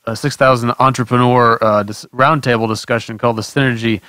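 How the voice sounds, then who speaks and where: A man co-hosting a podcast, introducing the guest in a measured, slightly hesitant way. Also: medium pitch, fairly even intonation, sharp tone, no room sound, studio quality. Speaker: podcast co-host.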